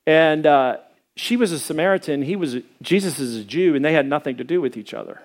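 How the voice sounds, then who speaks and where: Animated and fairly quick, a middle-aged pastor tells stories through his sermon in a conversational style, with lots of hesitations and fillers. He shifts to a higher pitch whenever he acts out quoted voices.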